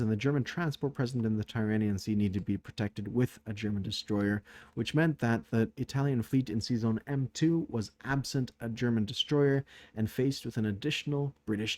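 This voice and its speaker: A man's voice: on the low side, a little mellow. A man casually recapping a turn of a strategy board game, thinking aloud with many fillers, tired late at night.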